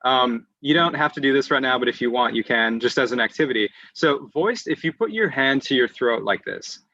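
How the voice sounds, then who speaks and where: A man's voice: mid-range voice, lively intonation, a little fast, bright, forceful tone, no echo. A man giving an online lecture on teaching English, explaining patiently with frequent restarts and "um"s. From United States. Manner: patient explainer who often restarts phrases and fills with "um". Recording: dry, slightly muffled online audio.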